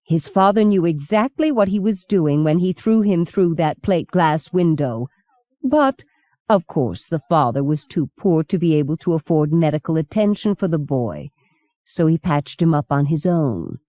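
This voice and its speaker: A woman narrator voicing an eerie, chatty old woman who tells dark stories matter-of-factly. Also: low voice, animated, moderate pace, no room sound. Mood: calm, knowing. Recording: dull lo-fi cassette recording.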